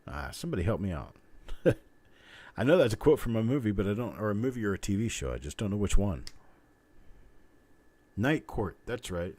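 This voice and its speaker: A man's voice: lowish voice, sing-song, normal speed, long pauses, a little mellow. A middle-aged man hosting a coin roll hunting livestream, rambling and joking as he goes, chuckling often. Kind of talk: casual live-stream chat.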